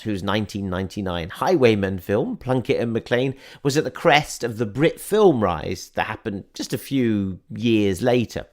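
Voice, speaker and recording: A man hosting a film podcast, giving a chatty, enthusiastic and wry review. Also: fairly low pitch. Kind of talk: scripted film review and interview intro.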